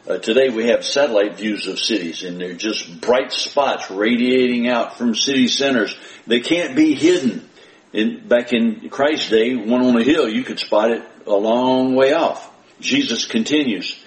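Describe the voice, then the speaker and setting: A man preaches with earnest emphasis, circling back to his main points and speaking straight to his listeners. His voice sits at an ordinary middle pitch. The sound carries a roomy echo, as from a church hall. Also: a little slow. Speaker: pastor. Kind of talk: sermon.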